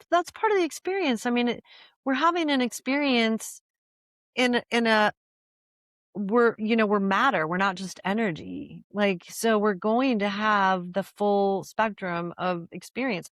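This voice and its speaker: A woman's voice: on the high side, lively intonation, unhurried, no echo, clean studio sound. An older woman talking as a guest in a casual conversation, telling stories animatedly with restarts and laughter.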